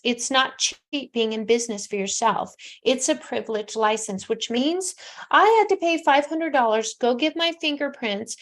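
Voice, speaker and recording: Host, woman in her sixties, slightly high pitch, emphatic and heartfelt, dips into hushed soft passages. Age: 60s. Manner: emphatic, heartfelt, drops to soft near-whispers. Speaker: psychic medium host. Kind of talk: casual call-in advice talk.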